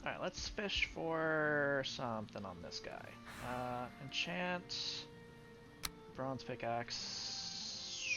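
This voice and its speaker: A man's voice: medium pitch, creaky. A man casually commenting on his gameplay, thinking aloud as he weighs upgrades and mutters his choices. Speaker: gaming YouTuber.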